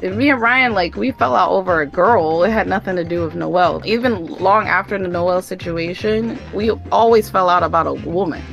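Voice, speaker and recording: A woman's voice: on the low side, normal speed, vocal fry, few pauses, fairly bright tone, lo-fi sound, faint music behind. A woman answering interview questions in a candid, conversational way.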